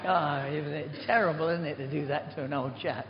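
An older man delivers a relaxed sermon full of rambling anecdotes and self-deprecating asides. His voice sits at an ordinary pitch and rings through a big hall with long reverb. The recording is dull and muffled, with faint noise behind him. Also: moderate pace. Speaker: preacher.

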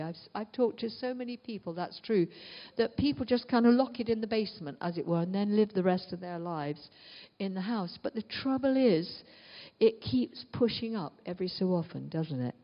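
A woman preaching a sermon in an earnest way, often asking her listeners rhetorical questions. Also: medium pitch. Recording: dull long reverb of a large hall.

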